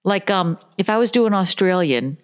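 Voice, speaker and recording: A woman's voice: on the low side, normal speed. A woman co-hosting a comedy podcast, chatting casually and joking, often slipping into silly voices. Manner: animated, joking, breaks into voices. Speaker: podcast co-host.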